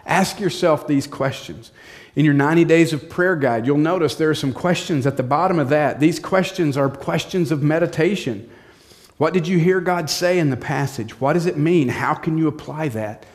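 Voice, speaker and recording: A man's voice: a little high, moderate pace. A male pastor preaching a sermon in a direct, practical way, repeating short commands.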